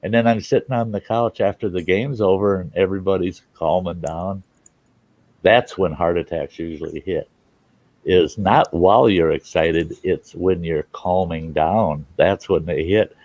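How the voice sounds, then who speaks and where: Low-voiced older man telling stories. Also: unhurried, darkish tone, dry recording, dull audio. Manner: rambling, frank, swears freely, acts out quotes. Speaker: host. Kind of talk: casual storytelling chat.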